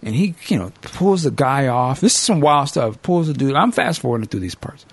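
A male podcast host casually recapping a movie as an animated storyteller who acts out the characters. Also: medium pitch, a little fast, slightly rough, no echo.

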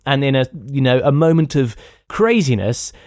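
A man's voice: medium pitch, animated, moderate pace, darkish tone, dry recording, studio quality. A man hosting a podcast who reviews films in a chatty, enthusiastic way and talks directly to his listeners. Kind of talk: casual spoken film review.

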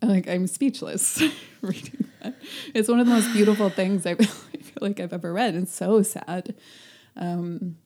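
A young woman co-hosting a casual book discussion. She rambles in an animated way, with many fillers and laughs. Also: mid-range voice, unhurried. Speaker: podcast co-host.

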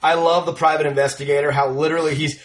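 A man talking films with friends in a loose, rambling way, building up excitement as he goes. His voice sits a little higher than most men's. He swears casually and piles on fillers. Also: fast talker. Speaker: podcast co-host. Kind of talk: casual film discussion.

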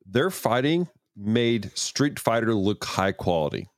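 A man's voice: on the low side, animated, slow, dry recording, studio quality. A man co-hosting a casual movie review podcast, rambling and mocking, full of fillers. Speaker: podcast co-host.

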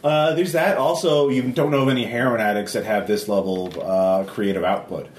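A man leads a tabletop game as game master, his voice low. He hesitates often, filling gaps with ums. The room is echoey and noisy. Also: fairly even intonation, distant mic. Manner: halting, full of ums and uhs. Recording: echoey room with background noise.

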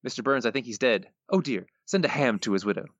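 A man's voice: medium pitch, fast talker, no room sound, lightly acted. A man voicing a scheming, gloating elderly male tycoon boss, reading the lines with mock menace. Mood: fussy. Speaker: podcast co-host. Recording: dull, lo-fi sound.

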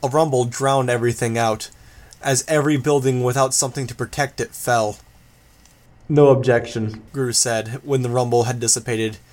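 A man reading a novel aloud as an audiobook, steady and measured. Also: mid-range voice. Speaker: audiobook reader. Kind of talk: scripted narration.

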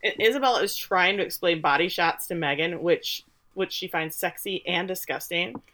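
A woman co-hosting a podcast, recapping a TV episode in casual chat, chatty and quick to laugh, with lots of "like". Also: fairly low pitch, pushed and bright. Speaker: podcast co-host.

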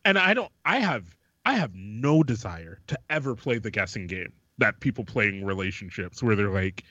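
A man co-hosting a casual podcast chat, blunt and swearing, dropping low and slow to make a point. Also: sing-song, bright, forceful tone, breathy edge, no room sound, lo-fi sound. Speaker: podcast co-host.

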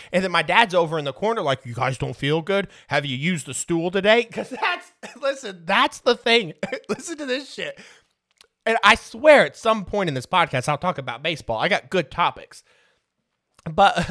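This podcast host, a man in his thirties, has a high voice that sounds pushed and bright. He laughs his way through casual stories with plenty of swearing, recorded in studio quality without echo.

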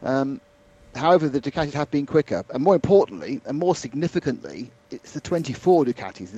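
Lively, chatty male co-presenter. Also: medium pitch, breathy edge, rough recording. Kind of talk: casual radio podcast chat.

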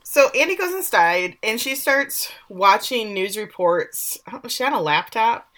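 A woman's voice: fairly high pitch, animated, normal speed, fairly bright tone. A woman co-hosting a podcast, casually recapping episodes and quoting the characters with animation. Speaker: podcast co-host.

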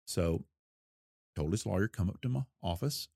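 An older man with a lowish voice tells a true-crime story from his investigating days, unhurried and folksy, with a wry edge. The sound is close and dry. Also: animated, vocal fry, darkish tone, no echo. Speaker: retired federal investigator recounting a case. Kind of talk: storytelling interview.

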